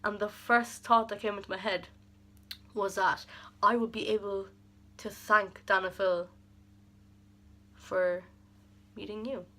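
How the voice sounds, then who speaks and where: A woman's voice: medium pitch, steady tone, slow pace, long pauses, a bit bright. A young woman recording a rambling, heartfelt birthday message to a close friend at home, full of "like" and fond, emotional asides. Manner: rambling and affectionate, heavy use of "like"; emotional, near tears at times. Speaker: vlogger.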